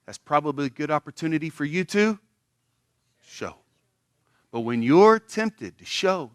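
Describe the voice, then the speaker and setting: A man's voice: a little high, a little slow, dry recording, studio quality. A man preaching a sermon at a church, acting out little everyday skits with a voice that jumps up when he plays them. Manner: animated, acts out little skits with rising voice. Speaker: pastor.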